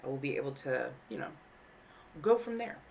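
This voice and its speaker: A woman's voice: a bass voice, animated, normal speed, creaky, a little mellow, slight background noise. Chatty woman rambling while she sews. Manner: rambling, frank, swears casually; laughs easily at herself. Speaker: streamer. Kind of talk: casual live-stream chat while sewing. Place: home apartment.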